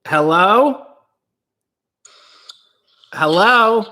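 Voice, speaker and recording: A man's voice: high-pitched, expressive, extremely slow, bright, forceful tone. A man hosting a casual livestream, rambling and joking while he reads out chat comments. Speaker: livestream host.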